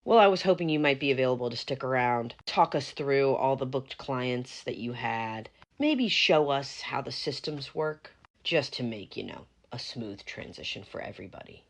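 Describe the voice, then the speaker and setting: A woman's voice: extremely low pitch, animated, normal speed, hardly any pauses, heavily acted. A woman voicing a smug, entitled man who owns a wedding venue, pushy and patronizing in a falsely friendly way. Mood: condescending.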